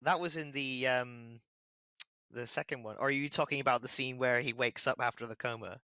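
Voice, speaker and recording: Bright-voiced joking man, lo-fi mic. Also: medium pitch, steady tone, brisk, clean tone, no echo. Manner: loose and joking, with casual swearing. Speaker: podcast co-host. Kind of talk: casual film discussion.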